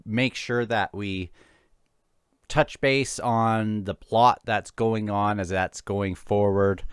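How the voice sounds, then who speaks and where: A man's voice: lowish voice, no echo, clean studio sound. A man hosting a casual chapter discussion of a novel, talking in a chatty, rambling way with frequent restarts. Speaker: book discussion host.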